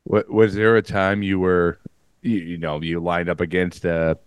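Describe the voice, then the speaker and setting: A man hosting a podcast interview, asking halting questions and joking along. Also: sits low, little pitch movement, clean tone, no room sound, lo-fi sound. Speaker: podcast host. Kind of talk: casual interview.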